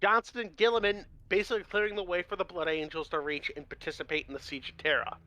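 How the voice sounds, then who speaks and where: A man casually retelling fantasy lore to friends, animated and profane, acting out the characters' lines. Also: high-pitched, fast talker, no echo. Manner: animated, profane, acts out quotes. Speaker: lore presenter on a miniature painting show.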